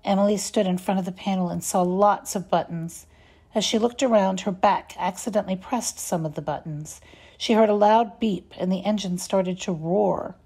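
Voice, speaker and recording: A woman reading a children's story aloud, expressive and measured. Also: mid-range voice, creaky, breathy edge. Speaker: reader.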